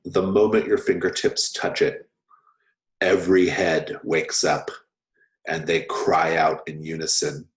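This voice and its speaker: A man narrating as game master of a tabletop game, relaxed and quick to laugh. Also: low voice. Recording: roomy echo.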